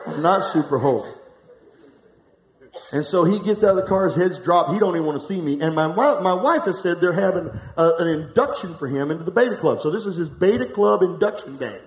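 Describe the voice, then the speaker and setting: A middle-aged pastor preaching live to a congregation, candid and humorous, telling a personal story and speaking to the room directly. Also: male voice, sits high, animated, fairly quick. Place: church hall, live before a congregation. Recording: echoey room.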